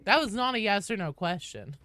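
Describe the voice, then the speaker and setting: A woman's voice: mid-range voice, very animated, fairly quick, fairly bright tone, no room sound. A young woman streaming a game, chatting casually and upbeat with viewers, swearing now and then and greeting people by name.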